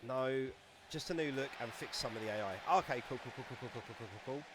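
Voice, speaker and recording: A man giving casual, excitable live-stream commentary on a wrestling game, chatting and laughing as he goes. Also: mid-range voice, fast talker, noisy background.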